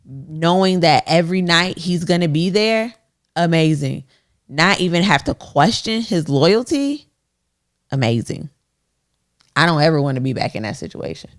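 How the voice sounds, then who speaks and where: This podcast co-host has a low-sitting voice and speaks at a moderate pace. She chats casually and candidly, laughing often as she tells her stories with animation.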